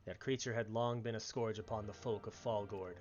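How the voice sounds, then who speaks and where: A man's voice: on the low side, steady tone, fairly quick, music in the background, close to an everyday voice. A man voicing a male villager quest-giver from a fantasy game, reading the lines with old-fashioned speech. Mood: storytelling. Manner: reads game dialogue aloud with old-fashioned turns of speech. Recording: slightly dull lo-fi stream audio.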